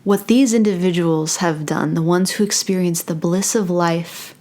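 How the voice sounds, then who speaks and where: Young female spiritual host, low-ish voice, casual and playful, whispered asides. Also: moderate pace, darkish tone. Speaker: spiritual channeler and meditation host. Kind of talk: casual channeling talk to camera.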